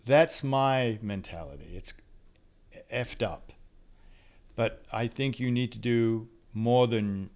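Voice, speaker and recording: A man's voice: mid-range voice, takes it slowly, darkish tone. An older man, a lawyer, giving blunt advice in a rambling casual monologue with false starts. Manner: rambling, blunt, with restarts and sighs.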